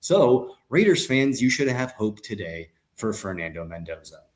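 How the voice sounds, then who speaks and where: A man co-hosts a sports podcast in a lowish voice at a moderate pace. He's animated and jokey, talking casually with many fillers and restarts.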